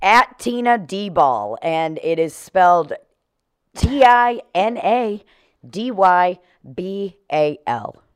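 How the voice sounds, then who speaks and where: Lively, lower-voiced comedian woman. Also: clean tone. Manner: jokey, quick asides. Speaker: comedian guest. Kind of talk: casual podcast banter.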